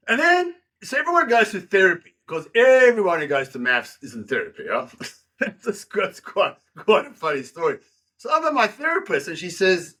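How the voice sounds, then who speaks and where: A podcast guest in his sixties tells his story frankly and with animation, swearing freely and frequently making self-deprecating asides. His voice is mid-range and his pace measured, in a candid conversational storytelling style.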